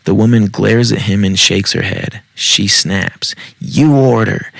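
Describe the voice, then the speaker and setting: A man reading Reddit stories aloud in a deep, heavily gravelly voice with a husky edge. He talks casually, dropping wry, swearing asides between passages. The recording is dry and close, made at home in a basement. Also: no echo.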